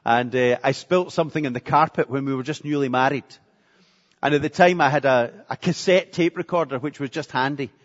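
A man's voice: medium pitch, brisk. A man preaching a sermon with earnestness, repeating phrases for emphasis. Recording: echoey hall, dull lo-fi sound.

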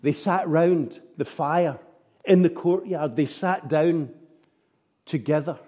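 A man's voice: on the high side, slow, warm tone. A man preaching a sermon, earnest and full of rhetorical tag questions.

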